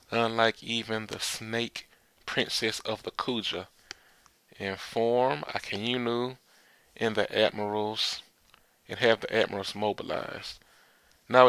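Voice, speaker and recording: A man rambles through a casual chapter recap, full of filler words and quick laughs. His voice sits low, with a gravelly, bright, forward edge. The sound is close and dry. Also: no echo. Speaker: manga chapter reviewer.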